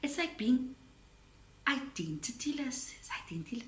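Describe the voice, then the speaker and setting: A woman's voice: on the high side, very animated, moderate pace, a little hiss or hum. A woman with a South African accent, a teacher giving a chatty, playful video lesson to her students. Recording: roomy echo.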